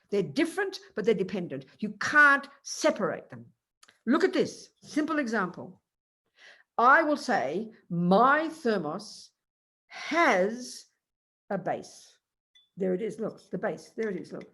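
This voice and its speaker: An older woman, a Buddhist nun, giving an animated, emphatic dharma teaching and acting out small dialogues. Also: mid-range voice.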